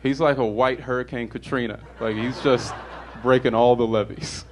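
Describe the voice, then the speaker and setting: A man's voice: mid-range voice, steady tone, normal speed, a little hiss or hum. A man doing stand-up comedy in a wry, resigned tone.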